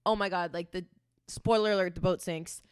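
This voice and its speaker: A woman in her twenties co-hosting a casual podcast, telling stories in a chatty, animated way and swearing freely. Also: fairly low pitch, fairly quick, smooth, no echo, studio quality. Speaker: podcast co-host. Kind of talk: casual chat.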